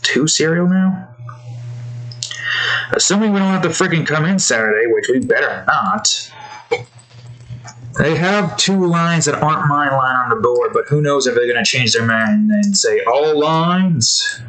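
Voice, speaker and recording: A man's voice: fairly high pitch, lively intonation, normal speed, long pauses, pushed and bright, rough recording. A man thinking aloud while he draws, rambling with fillers and talking to his cat between remarks. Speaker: artist drawing on stream. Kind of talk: casual commentary while drawing.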